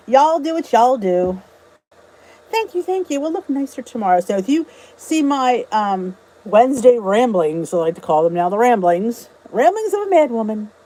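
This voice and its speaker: A woman's voice: fairly high pitch, dark tone, low-quality recording. Bubbly middle-aged woman hosting a live chat. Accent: US English. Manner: chatty, bubbly greetings, frequent laughs. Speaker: YouTube livestream host. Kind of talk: casual live chat reading comments. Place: indoors at home. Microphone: phone or camera on a stand.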